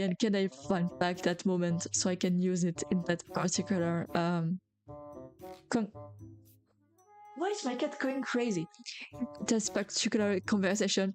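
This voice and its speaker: A woman's voice: medium pitch, darkish tone. A young adult woman, a native French speaker, chatting casually on a stream, rambling with lots of filler words and giggles. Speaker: VTuber streamer.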